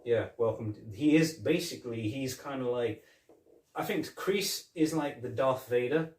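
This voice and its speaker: A man's voice: medium pitch, moderate pace, a little mellow. A man co-hosting a podcast, casually chatting and retelling movie scenes with quoted lines and laughs. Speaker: podcast co-host. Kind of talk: casual chat. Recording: roomy, from a distance.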